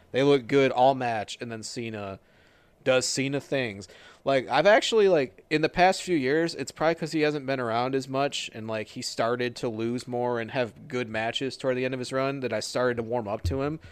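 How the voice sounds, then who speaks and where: A man's voice: mid-range voice, clear, resonant tone, dry recording. Casual swearing man with a dry mic. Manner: swearing, joking, animated retelling. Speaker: podcast co-host. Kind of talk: casual wrestling recap chat.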